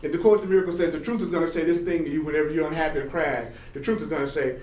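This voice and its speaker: A man teaching a live sermon to an audience, animated and repetitive, chuckling as he preaches. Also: a little high, rapid-fire. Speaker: spiritual teacher. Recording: echoey hall from far off.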